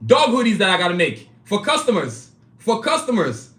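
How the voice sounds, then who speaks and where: A man hosting a live stream, pitching his own comic art and merch in a hyped, casual way, repeating himself and talking straight to viewers. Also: wildly swooping pitch, moderate pace, fairly bright tone, echoey room. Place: indoor studio, clothing hanging behind him.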